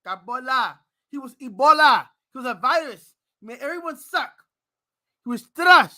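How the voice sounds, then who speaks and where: Loud ranting American sports fan man. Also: very high voice, moderate pace. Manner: loud, animated ranting, shouting and laughing. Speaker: sports fan show host. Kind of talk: heated live-stream rant.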